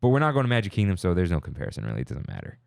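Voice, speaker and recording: A man's voice: sits low, wildly swooping pitch, rapid-fire, creaky, a little mellow, no echo, studio quality. A man hosting a podcast, talking in a rambling, upbeat, casual way and often cutting himself off. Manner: rambling, self-interrupting, upbeat. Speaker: podcast host. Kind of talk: casual chat.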